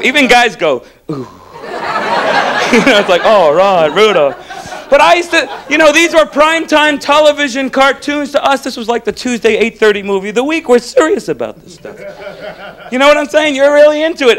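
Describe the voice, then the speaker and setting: A young man doing a stand-up comedy set on stage, animated and mocking, slipping into character voices. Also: extremely high pitch. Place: comedy club stage before a live audience. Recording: live club recording with audience laughter.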